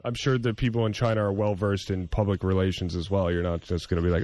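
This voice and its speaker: Guy hosting a chatty podcast, lowish voice, dry close sound. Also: quick pace, no echo. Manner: relaxed, jokey, laughs often. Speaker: podcast host. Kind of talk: casual chat.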